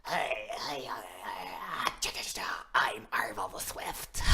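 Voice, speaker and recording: Guy putting on a sleazy thief, low gravelly whisper, slow drawl. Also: big pitch swings, sharp tone, exaggerated voice. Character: sleazy male thief bragging.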